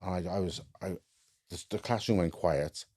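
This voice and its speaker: A man's voice: low voice, moderate pace, darkish tone, breathy edge. A man from Wales, a podcast guest telling stories from his life in a frank, matter-of-fact way, full of fillers and restarts. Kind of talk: casual storytelling.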